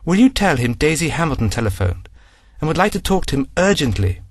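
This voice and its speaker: A man's voice: fairly high pitch, sing-song, fairly quick, no room sound, pitched above the performer's own voice. A man voicing an insistent, increasingly aggressive young businesswoman in a storybook reading. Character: determined young businesswoman, Daisy.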